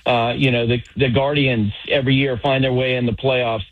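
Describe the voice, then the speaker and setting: A middle-aged man breaks down baseball on sports radio with firm opinions and a string of quick examples. His voice sits in a middle pitch. The sound is dull and lo-fi, like a radio feed. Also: flat delivery. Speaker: baseball analyst.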